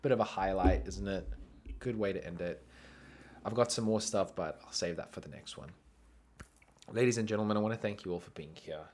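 A man's voice: deep voice, fairly quick, long pauses. A man who is sick, hosting a podcast and telling a story in a casual, laughing way. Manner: animated, laughs through his own story. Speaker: podcast host.

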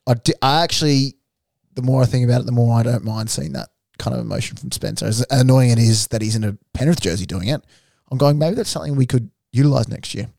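A young man with a gravelly voice, recorded dry and close in a studio. He talks in a laid-back way and teases his co-host drily. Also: medium pitch, quick pace, a little mellow, dry recording. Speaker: podcast co-host. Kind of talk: casual chat.

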